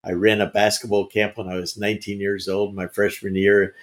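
An older man, a veteran basketball coach, answers interview questions in a fairly low, flat voice that runs a little fast. He tells emphatic anecdotes, repeats words, and often restarts, in conversational storytelling.

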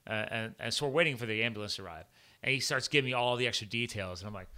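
Male storyteller, firefighter type, very bright tone, animated and chatty. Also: fairly low pitch, rapid-fire, smooth. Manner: animated retelling, acts out dialogue with lots of "I'm like". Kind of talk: casual storytelling chat.

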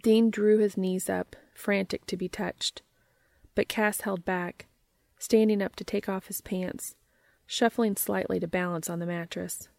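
A woman reading a romance story aloud in a calm, steady narrating voice. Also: medium pitch, unhurried, creaky, dry recording. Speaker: fan fiction reader.

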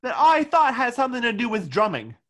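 A man's voice: extremely high pitch, a little fast. A man co-hosting a podcast, chatting casually and getting exasperated over a movie. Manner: exasperated, animated, swears when riled. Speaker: podcast co-host. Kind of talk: casual movie review chat.

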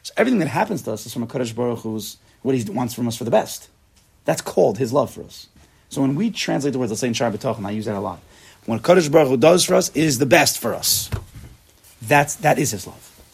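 Gravelly, husky man teaching a class. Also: mid-range voice, quick pace. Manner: animated, rhetorical questions, repeats himself. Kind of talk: informal religious class.

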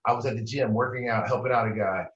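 A man with a mid-range voice tells animated stories, full of slang and sudden high-pitched impressions of the people he quotes. He sounds distant from the mic in an echoey room. The sound is a little dull. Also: fast, slight background noise. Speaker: therapist, interview guest. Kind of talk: animated storytelling in conversation.

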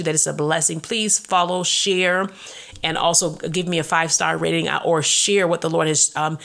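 A woman's voice: lowish voice, vocal fry, fairly bright tone. A woman hosting a devotional broadcast, preaching and praying fervently, with emphatic repeated calls. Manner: fervent, exhorting, with emphatic repetition. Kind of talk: devotional sermon with prayer.

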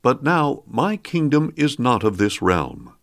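A man reading the lines of a calm, grave male teacher under trial, in a measured, solemn way. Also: mid-range voice, full character voice.

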